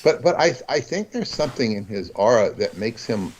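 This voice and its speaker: A man talking as a guest in a casual conversation, rambling and halting, with many restarts. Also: mid-range voice, sing-song, slight background noise, poor audio.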